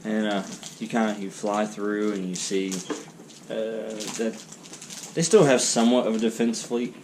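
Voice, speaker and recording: Male game master, lower voice, playful narration, light noise under it. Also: fairly even intonation, normal speed, darkish tone. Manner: jokey, laughs often. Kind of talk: narrating a tabletop role-playing game.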